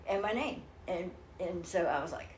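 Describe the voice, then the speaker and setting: A woman's voice: fairly low pitch, animated, normal speed, slight background noise. An older woman speaking as an interview guest, telling a personal story in an earnest, rambling way with many restarts. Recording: roomy echo.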